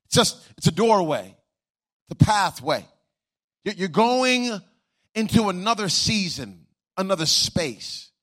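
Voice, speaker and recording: A man's voice: sits high, big pitch swings, slow pace, pauses often, fairly bright tone. A male pastor giving a sermon with humorous asides, repeating key words, and rising into a sung, chanting preaching cadence.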